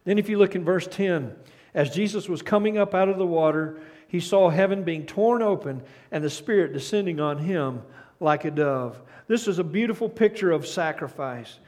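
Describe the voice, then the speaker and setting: An older man preaching a sermon as pastor, earnest, often restarting and repeating words, dropping to a soft, hushed tone at key points. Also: high-pitched, normal speed. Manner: reads a story aloud and drops to a soft, hushed tone at key points.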